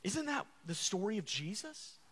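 A man's voice: sits high, big pitch swings, moderate pace, a bit bright, breathy edge. A man preaching a sermon, calling out to the congregation and repeating refrains. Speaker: pastor.

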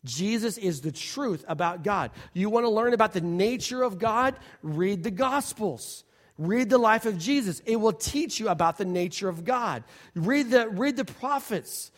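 A man preaching a sermon in a church, conversational and animated, building to emphatic declarations. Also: high voice, unhurried. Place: church worship center.

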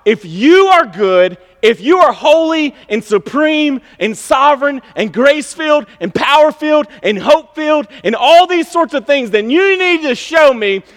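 A man voicing an anguished male prophet who demands answers from God, pleading in slow, drawn-out phrases. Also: extremely high pitch, fairly bright tone, pitched above the performer's own voice, heavily acted. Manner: pleading, drawn-out, rising intensity. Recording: long hall reverb.

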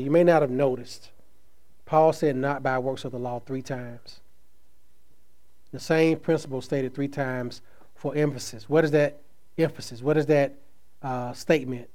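A man preaching a sermon, speaking with slow emphatic stresses that trail off softly at phrase ends, with casual asides between. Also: mid-range voice. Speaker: pastor.

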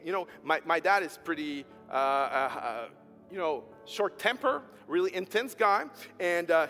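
A man preaching a storytelling sermon, emphatic, swinging between loud and soft. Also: fairly high pitch. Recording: hall reverb with faint music behind.

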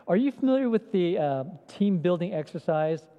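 High-voiced pastor preaching in an echoey hall. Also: male voice, lively intonation, normal speed. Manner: conversational, asks the congregation questions. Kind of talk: sermon. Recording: echoey hall, dull lo-fi sound.

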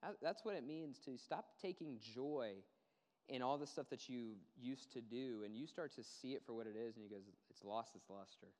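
Earnest preacher in a big reverberant hall. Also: male voice, normal speed. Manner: earnest and emphatic, repeats words, dips low and quiet for weight. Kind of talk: sermon.

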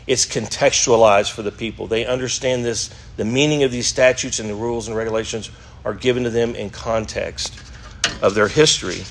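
A man's voice: mid-range voice, slight background noise. Man teaching a Bible class. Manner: reads scripture aloud, asks the class rhetorical questions. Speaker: Sunday school teacher.

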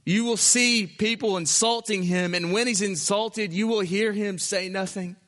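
A man's voice: high voice, fairly even intonation. Man, pastor, sermon, emphatic short phrases, long hall reverb. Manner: slow, emphatic preaching in short phrases, dropping to hushed.

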